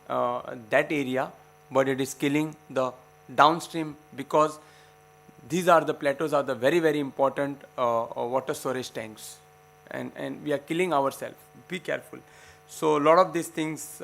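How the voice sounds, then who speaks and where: A man's voice: fairly high pitch, creaky, fairly bright tone. A man giving an earnest, passionate science lecture to students. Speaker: guest lecturer. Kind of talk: public science talk to students.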